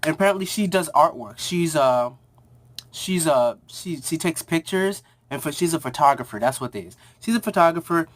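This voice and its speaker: A TV show reviewer giving a casual episode recap, rambling with many fillers and restarts, and acting out characters' lines in quick asides. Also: medium pitch, animated.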